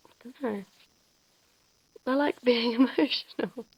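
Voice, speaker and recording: A young woman chatting casually in a vlog, soft, giggly and confiding. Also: a little high, a little slow, breathy edge, dull audio. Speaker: vlogger.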